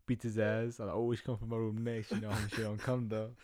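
A young man in casual chat telling a childhood story, slangy and halting, often restarting his words. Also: lowish voice, little pitch movement, darkish tone, no echo, clean studio sound.

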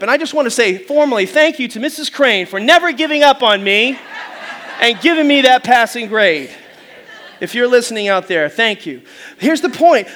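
A male pastor preaching a sermon, telling funny stories, doing voices and calling the congregation to answer back. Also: very high-pitched. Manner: animated storytelling with funny voices and audience call-and-response; loud preaching bursts.

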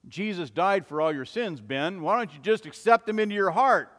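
Pleading devout sister, put on by a man, urgent, higher-pitched, echoing hall. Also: measured pace. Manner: urgent, pleading, rising to loud.

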